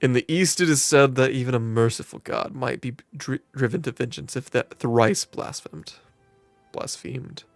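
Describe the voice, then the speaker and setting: A man voicing a cold, severe male city guard, reading game dialogue in a slow, clipped way. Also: mid-range voice, dry recording, faint music behind, natural voice. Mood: stern.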